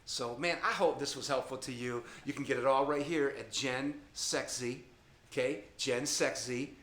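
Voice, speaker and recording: A man's voice: mid-range voice, steady tone, normal speed, a bit bright, echoey room. A middle-aged man teaching young people about dating in an emphatic, repetitive way, often checking in with "okay?". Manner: emphatic, repetitive, addresses listeners directly with frequent "okay?". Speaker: youth ministry speaker. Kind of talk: informal teaching talk to a camera.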